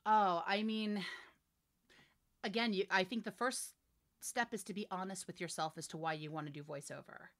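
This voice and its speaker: Animated woman voiceover artist. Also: mid-range voice, normal speed. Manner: animated, laughing, emphatic storytelling. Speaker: guest, voiceover artist and director. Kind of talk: casual interview chat.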